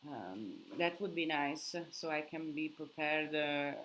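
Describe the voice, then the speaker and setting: A woman's voice: deep voice, takes it slowly, fairly bright tone, slight background noise, rough recording. A sleep-deprived young woman hosts a casual live Q&A. She answers viewer questions, thinking aloud and hunting for words.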